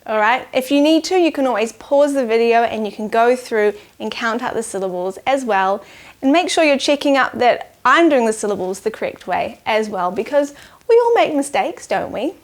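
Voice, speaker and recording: A woman's voice: on the high side, lively intonation. Cheerful woman teaching children. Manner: cheerful, slow and clear when counting syllables. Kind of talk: children's lesson.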